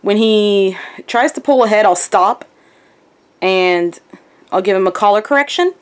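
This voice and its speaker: A woman's voice: unhurried, smooth, no room sound. A young woman in casual vlog chat, telling her day in a chatty, upbeat way. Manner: chatty and upbeat, high baby talk to her dog. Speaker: vlogger.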